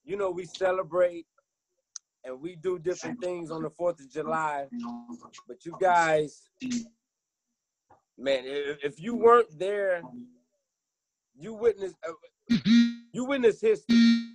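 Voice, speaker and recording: High-voiced, slow-talking excited man. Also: rough recording. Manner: excited, greets loudly. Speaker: caller giving a testimony. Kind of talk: testimony on a group call. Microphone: video call.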